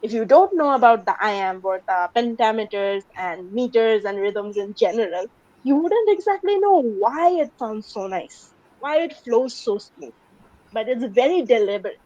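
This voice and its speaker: A woman's voice: fairly high pitch, expressive, moderate pace, a little mellow. A woman with a Bangladeshi English accent giving a university English lecture, explaining steadily with occasional filler ums. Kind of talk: recorded classroom lecture. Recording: dull lo-fi lecture recording.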